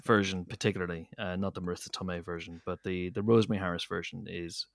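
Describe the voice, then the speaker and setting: Low gravelly guy on a movie podcast, wry mock outrage, dry close sound. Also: fairly even intonation, fast talker, no echo. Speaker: podcast co-host. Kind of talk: casual film chat.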